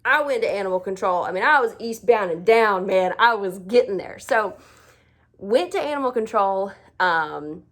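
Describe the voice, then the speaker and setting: A woman's voice: medium pitch, expressive, moderate pace, fairly bright tone. Chatty woman telling a story. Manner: chatty, self-deprecating, acts out quoted voices. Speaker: vlogger. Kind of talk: casual storytelling.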